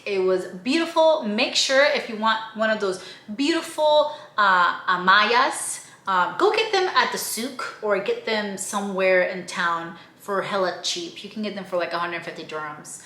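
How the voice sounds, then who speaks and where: A young woman vlogging casually about her trip, chatty and animated, swearing offhand and acting out the people she met. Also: mid-range voice. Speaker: travel vlogger. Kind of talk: casual travel vlog. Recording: echoey room.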